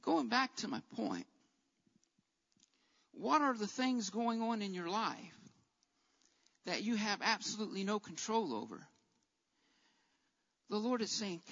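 A man preaching a sermon as a Bible teacher, with an emphatic, repetitive cadence that rises to shouts. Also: sits high, animated, unhurried, vocal fry, pauses often, in a large hall, lo-fi sound.

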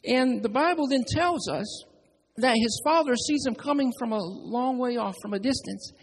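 A high-pitched male preacher with a gravelly edge delivers a sermon in a rising, repetitive cadence. His voice rings out with long reverb through a church sanctuary. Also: normal speed.

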